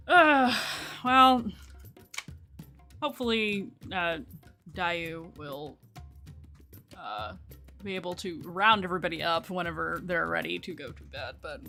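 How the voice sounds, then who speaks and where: A woman's voice: fairly low pitch, expressive, slow, gravelly, long pauses, sharp tone, faint music behind. A woman narrating a tabletop game as game master, hesitant and full of fillers.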